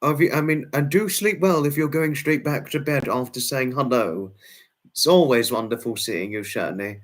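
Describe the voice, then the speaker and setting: Talking at normal speed in a mid-range voice, a male live streamer casually answers his viewers. He rambles and fusses through the comments, often restarting and letting out exclamations.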